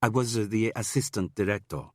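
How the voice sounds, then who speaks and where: A man's voice: fairly low pitch, a little fast, a little mellow, no room sound, studio quality, voice pushed up, natural voice. A man voicing an offhand young woman student with a slight Spanish accent, talking casually with lots of "like".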